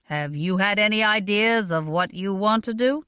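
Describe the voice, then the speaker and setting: A woman voicing a stern, measured middle-aged merchant father in an audiobook, speaking in an earnest, deliberate way. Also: medium pitch, clean tone, no echo, lo-fi sound, close to an everyday voice. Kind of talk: audiobook character voice.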